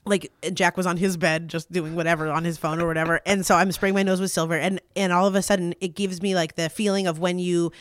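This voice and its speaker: A man with a high voice chats casually in a dry, close room, telling an embarrassing story with lots of "like" and bursts of laughter. He talks in an animated, rambling way. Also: fast, hardly any pauses, no echo. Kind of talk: casual chat.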